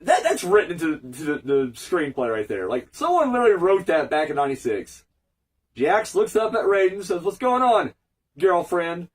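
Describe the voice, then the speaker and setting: A man's voice: fairly high pitch, very animated, a little fast, husky, distant mic. A man with a cold giving a casual, rambling, sweary recap review of an episode, full of fillers. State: fighting a cold.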